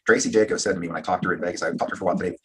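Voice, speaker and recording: A male host rattles along at great speed in a rough, husky voice. He sounds brash and fired-up and rambles from point to point. His voice sits a little low. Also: fairly even intonation, racing, a bit bright. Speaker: live show host. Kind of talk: casual live-stream round table.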